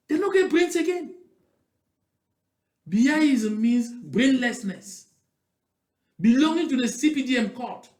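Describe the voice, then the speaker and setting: A man with a Cameroonian Pidgin English accent delivers emphatic political commentary, repeating his points and firing off rhetorical questions. His voice is high-pitched with a darkish tone, and the recording has a roomy echo.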